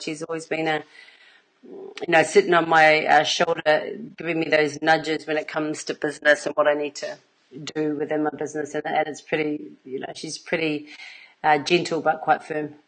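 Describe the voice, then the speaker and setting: A middle-aged woman with a low voice, an intimacy coach, tells stories during a casual livestream on a rough recording. She's earnest and rambling, filling the gaps between thoughts with fillers and laughs.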